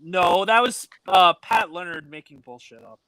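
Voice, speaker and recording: A man's voice: high-pitched, moderate pace, sharp tone. A man co-hosting a podcast, asking long rambling sports questions in casual chat. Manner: mock interviewer, rambling questions. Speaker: podcast co-host.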